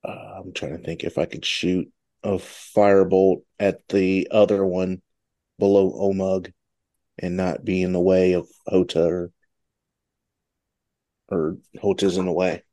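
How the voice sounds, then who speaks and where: A man playing a tabletop game, hesitant and soft-spoken. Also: deep voice, little pitch movement, measured pace, long pauses, dry recording. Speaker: player.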